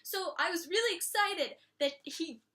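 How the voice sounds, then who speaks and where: Young woman, high voice, bright tone, chatty TV review vlog, animated, says "like" a lot. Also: a little slow. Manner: animated and chatty, laughs often, frequent "like". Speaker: TV episode reviewer. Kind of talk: casual episode review vlog.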